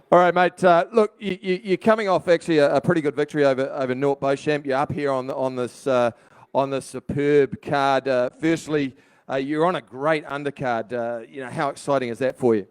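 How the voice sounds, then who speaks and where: New male interviewer, smooth and even, loose chatty delivery. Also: medium pitch. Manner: chatty, laughing, halting restarts. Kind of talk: casual interview banter.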